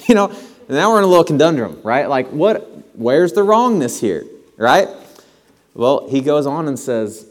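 A man preaching a sermon to his church, earnest and building to animated emphasis. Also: a little high, moderate pace, long reverb tail. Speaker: pastor. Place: church sanctuary.

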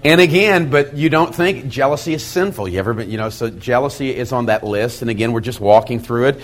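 A middle-aged man teaching as a pastor, folksy and animated, acting out quoted asides. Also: medium pitch, moderate pace. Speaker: pastor teaching a Bible study method. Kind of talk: sermon-style teaching talk.

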